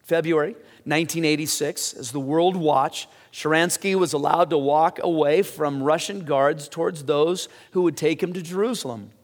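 A man preaching a sermon, swinging between excited high rises and quiet low drops, his voice getting hoarse. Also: normal speed, few pauses, big-room sound. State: losing his voice. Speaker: pastor.

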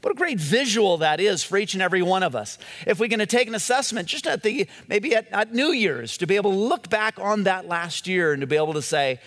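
Guy preaching a sermon, chatty storyteller, kinda high voice, keeps restarting lines. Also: animated, fairly quick, few pauses, fairly bright tone, in a large hall. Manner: conversational storytelling with many restarts. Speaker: pastor.

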